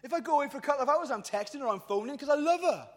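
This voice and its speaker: A man, preaching a lively youth sermon to a crowd in a passionate, colloquial way. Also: very high-pitched, rapid-fire. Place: large hall at a youth event. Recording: long hall reverb.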